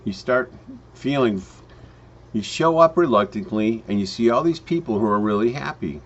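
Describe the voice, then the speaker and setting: Man, storytelling parable, slow emphatic phrasing, restarts lines, dull lo-fi sound. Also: medium pitch, animated, soft background music. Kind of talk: spoken parable for a home business pitch. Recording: dull lo-fi recording.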